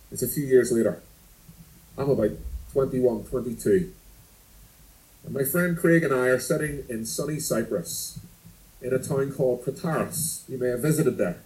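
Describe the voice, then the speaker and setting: A man's voice: medium pitch, mellow, low-quality recording. A man in his thirties preaching a sermon, telling stories and asking earnest rhetorical questions.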